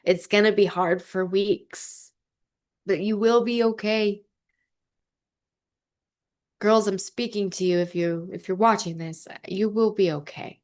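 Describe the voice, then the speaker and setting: A young adult woman talking gently and earnestly to camera about grief, with many fillers and restarts. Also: medium pitch, fairly even intonation, unhurried, pauses often. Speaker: vlogger. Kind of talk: heartfelt personal talk to camera.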